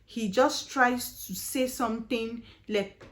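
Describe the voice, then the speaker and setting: A woman's voice: on the high side, slow pace. A young woman with a Nigerian accent, chatting animatedly in a casual storytelling vlog, full of fillers and rhetorical questions. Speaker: vlogger.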